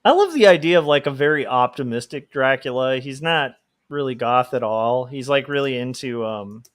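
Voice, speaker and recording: A man's voice: mid-range voice, lively intonation, normal speed, dry recording, studio quality. A man chatting casually on a livestream while drawing, rambling and laughing often. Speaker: livestream host, comic artist.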